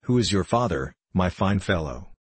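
A man voicing a rough, insolent wild boy who herds swine, shouting and bossy in a low, husky voice. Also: animated, moderate pace, dry recording. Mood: rough taunting.

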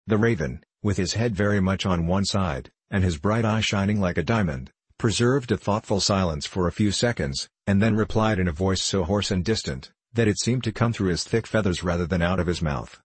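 A man reading a classic novel aloud as narrator in a steady, even manner. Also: low voice, moderate pace, few pauses, husky, dry recording.

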